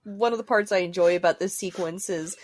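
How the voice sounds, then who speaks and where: A woman's voice: lowish voice, a little fast. A woman co-hosting a casual movie podcast, laughing often and playful. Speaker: podcast co-host.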